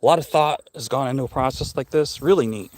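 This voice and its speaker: Quick-paced and a little mellow, a middle-aged man's mid-range voice carries a casual live-stream chat as he walks through a cemetery, slightly winded. He rambles curiously with his viewers over a phone, the audio dry and close with no room echo.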